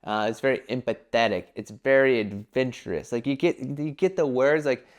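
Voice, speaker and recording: A young man giving casual business advice in a vlog, talking animatedly and filling his talk with "like" and quick acted-out quotes. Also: mid-range voice. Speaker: entrepreneur giving brand advice.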